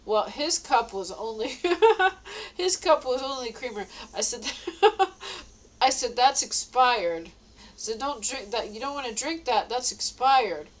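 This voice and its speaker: A woman's voice: fairly high pitch, animated, slow, poor audio. A tired woman telling a story in a casual monologue, laughing often and repeating herself.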